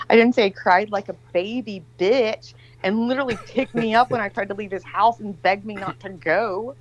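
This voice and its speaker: A woman in her forties, a livestream guest on a video call, casually tells a long, rambling story packed with swearing and acted-out quotes. Her medium-pitched voice moves fairly quickly with few pauses, and the audio sounds dull.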